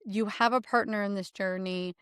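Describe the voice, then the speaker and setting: Woman, energy healer giving a reading; smooth resonant tone, dry close sound, rambling chatty delivery. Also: mid-range voice, steady tone, moderate pace, fairly bright tone, no echo. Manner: rambling, filler-heavy, laughing easily. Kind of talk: casual spiritual reading.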